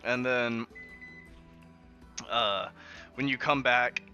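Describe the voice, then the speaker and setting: A man's voice: medium pitch, very slow. A man narrating a tabletop game as game master, in a rambling, giggly way full of fillers, in a muffled lo-fi recording with faint music.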